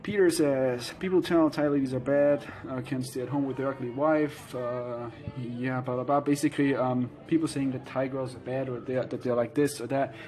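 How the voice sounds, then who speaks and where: A man vlogging casually, reading out viewer questions and answering them frankly, with frequent pauses and fillers. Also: medium pitch, steady tone, darkish tone, rough recording. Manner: frank, matter-of-fact, hesitant with fillers. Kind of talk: casual Q&A chat.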